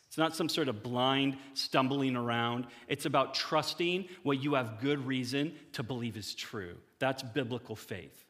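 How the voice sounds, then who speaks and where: A male pastor giving a conversational sermon to his church, often acting out quick imagined dialogues. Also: medium pitch, fairly bright tone, big-room sound.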